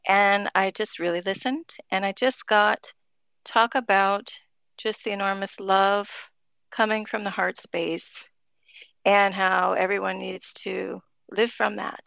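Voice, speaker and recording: A woman's voice: medium pitch, steady tone, a little slow, gravelly, fairly bright tone, no room sound, lo-fi sound. A woman talking as a podcast guest in casual conversation, chatty and spiritual, laughing often and using many "like" fillers.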